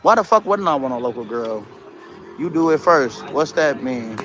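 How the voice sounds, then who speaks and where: A man's voice: medium pitch, lively intonation, moderate pace, background noise. A man vlogging as he walks around a street outdoors, chatting casually with passers-by and swearing now and then. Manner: laid-back, swears, chats with passers-by. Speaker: travel vlogger.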